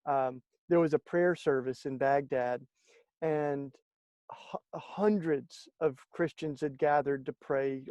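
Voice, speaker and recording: Animated man telling a story. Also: a little high, no echo, lo-fi sound. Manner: animated storyteller, acts out quoted speech. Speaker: interview guest. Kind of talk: conversational storytelling.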